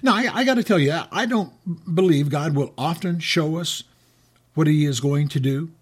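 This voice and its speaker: A man's voice: a little high, normal speed, breathy edge. A middle-aged man preaching a sermon in a conversational way, with frequent restarts and questions to the listeners. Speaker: pastor.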